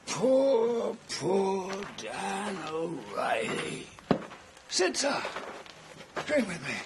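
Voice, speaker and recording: An actor playing an older, drunken and pompous adventurer who talks in a florid, theatrical way and slips into song. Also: male voice, high-pitched, very animated, very slow, noisy background, heavily acted. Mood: expansive. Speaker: wandering adventurer. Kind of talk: film drama acting.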